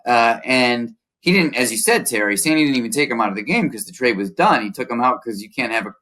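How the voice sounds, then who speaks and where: A man of middle pitch tells a long story in a relaxed conversational tone, full of small restarts and "uh"s. He walks through each step of what happened in detail. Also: fast talker. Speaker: baseball reporter and analyst.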